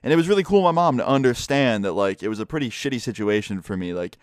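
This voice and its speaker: A man's voice: medium pitch, animated, quick pace, no room sound, clean studio sound. A young man with a stuffy, sick voice, telling a story in a casual vlog, rambling and swearing with lots of "like". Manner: rambling, profane, many fillers of "like". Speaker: YouTuber telling stories.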